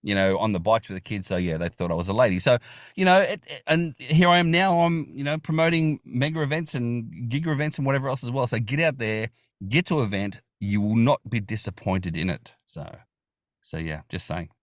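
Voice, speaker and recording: A man's voice: medium pitch, animated, brisk, dry recording, studio quality. A man with an Australian accent, a podcast guest chatting enthusiastically, rambling with restarts and fillers. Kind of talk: casual interview chat.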